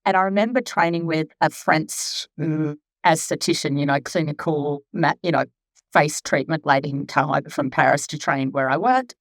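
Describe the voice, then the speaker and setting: A woman's voice: sits low, moderate pace, no echo. Chatty woman in her fifties. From Australia. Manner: chatty, rambling, with many asides. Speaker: skin therapist speaking at a wellness event. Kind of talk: casual talk at a live event. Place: clinic event room.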